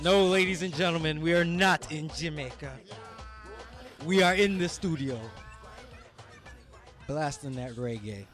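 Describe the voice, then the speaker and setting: A man's voice: a little high, measured pace, long pauses, fairly bright tone, faint music behind. A man hosting a casual studio talk show, joking and laughing often. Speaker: host.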